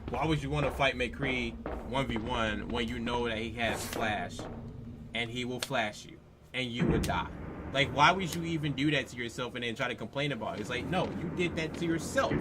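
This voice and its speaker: A man's voice: medium pitch, lively intonation, normal speed. Exasperated let's play host, man, profane rant over a noisy mix. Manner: exasperated, profane, repetitive rhetorical questions. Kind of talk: ranting gameplay commentary.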